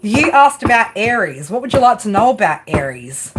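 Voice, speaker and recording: Woman, tarot streamer, casual and crude, animated pitch, noisy home mic. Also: normal speed. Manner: casual, profane, laughs often, talks back to chat. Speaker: tarot reader. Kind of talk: live stream tarot reading, chatting with viewers.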